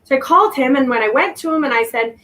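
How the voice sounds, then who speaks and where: High-pitched woman guest, slow reflective storyteller, halting restarts, mic a bit far. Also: fairly bright tone. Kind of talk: personal story in an interview. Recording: voice distant from the mic.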